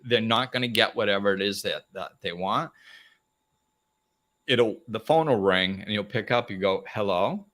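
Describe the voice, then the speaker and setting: Bright-voiced man hosting a live talk. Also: fairly low pitch, normal speed. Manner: animated, acts out little dialogues, plain-spoken. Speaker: host.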